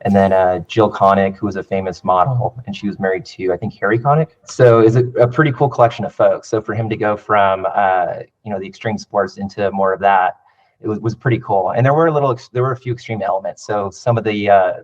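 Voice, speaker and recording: This man in his thirties has a low voice with little rise and fall. He speaks in a relaxed, rambling way, as a guest sharing casual stories. The audio is dull and lo-fi. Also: quick pace. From California. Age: 30s. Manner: relaxed, rambling with frequent "like" and "you know". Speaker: interview guest. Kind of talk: casual interview storytelling.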